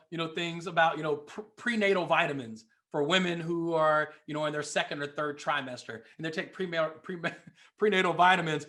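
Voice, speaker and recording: A man giving a motivational sales training talk, animated, calm one moment and shouting the next as he acts out panicked inner voices. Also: a little high. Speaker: motivational speaker.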